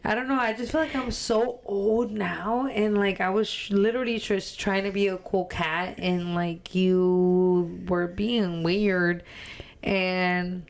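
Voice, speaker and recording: A woman in her thirties talking bluntly on a casual podcast and cursing freely. Her voice has a gravelly, creaky edge at a mid pitch. She sounds heated and frank. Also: fairly even intonation, takes it slowly. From Mexican-American. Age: 30s. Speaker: podcast co-host. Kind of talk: casual chat.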